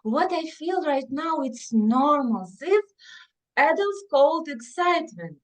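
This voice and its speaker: A woman with English, speaking as a guest parenting expert on a podcast, explaining in an earnest, gentle way. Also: sits high, poor audio. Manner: earnest, gentle, non-native phrasing.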